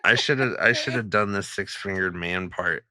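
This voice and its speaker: A man co-hosting a podcast with loose, swearing, self-mocking chat. His voice is very low yet crisp and bright. The recording is dry. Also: normal speed, no echo. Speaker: podcast co-host. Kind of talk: casual chat.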